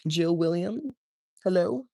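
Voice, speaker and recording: A man's voice: high-pitched, expressive, slow, creaky, a little mellow. A young man casually chatting with his livestream viewers at home, loose and rambling, peppering his talk with dude and bro. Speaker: livestreamer reading chat.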